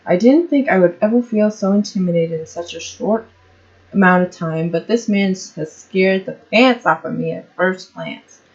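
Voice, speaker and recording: A woman's voice: lowish voice, normal speed, darkish tone, lo-fi sound. Woman reading a story aloud. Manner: casual, self-correcting asides.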